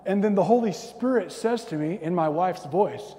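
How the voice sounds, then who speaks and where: A man's voice: high voice, lively intonation, normal speed, hardly any pauses, dark tone, in a large hall. A man in his thirties, a pastor giving a sermon, talking in a conversational, self-deprecating way and acting out little stories.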